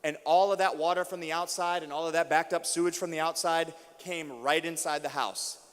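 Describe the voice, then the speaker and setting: A young adult American man with a slightly high voice delivers an emotional, storytelling keynote to a room of teachers. He builds intensity through repeated refrains. His voice rings with the long reverb of a large auditorium. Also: fairly even intonation, fairly quick, fairly bright tone, clear, resonant tone. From United States.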